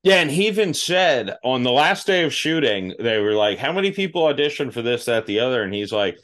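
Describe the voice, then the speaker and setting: A man's voice: medium pitch, big pitch swings, brisk, fairly bright tone. A man hosting a podcast, telling acting stories in a casual, self-deprecating way and laughing at himself. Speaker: podcast host. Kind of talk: casual interview chat.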